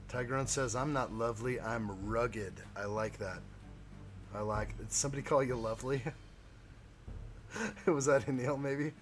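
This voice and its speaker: A man's voice: medium pitch, a little slow, pauses often, faint music behind. A man hosting a live stream, chatting casually with viewers while he builds a model kit.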